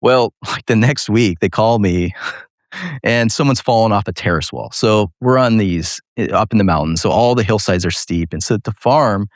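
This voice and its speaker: A male neurosurgeon and podcast host telling a personal story in an interview, animated and laughing often, with many fillers. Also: fairly low pitch, moderate pace, no echo, clean studio sound.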